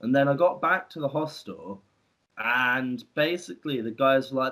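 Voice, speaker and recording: A man's voice: mid-range voice, expressive, moderate pace, pushed and bright. Rambling man telling podcast stories. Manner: rambling, restarts, chatty. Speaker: podcast co-host. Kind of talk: casual storytelling.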